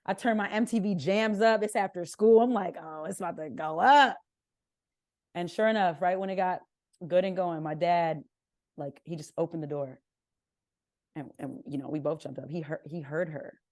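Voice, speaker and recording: A woman's voice: on the low side, moderate pace, dry recording, clean studio sound. A young woman from Southern California, a podcast guest telling candid stories in casual interview talk and acting out her family's lines. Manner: candid, animated, acts out family members' lines.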